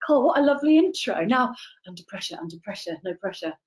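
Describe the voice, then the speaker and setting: A woman's voice: medium pitch, animated, quick pace, a little mellow, rough recording. A woman, an actress guest chatting enthusiastically in an interview. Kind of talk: casual interview chat.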